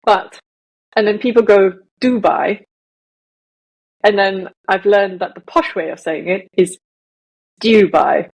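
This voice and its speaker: Podcast co-host, woman from Malaysia, husky voice, chatty explainer. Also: medium pitch, fairly even intonation, normal speed, rough recording. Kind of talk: casual chat.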